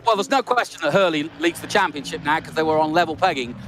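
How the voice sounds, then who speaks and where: A man commentating an esports race, excitable and jokey, swinging from loud calls to quiet asides. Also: fairly high pitch, quick pace, a little hiss or hum. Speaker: lead commentator.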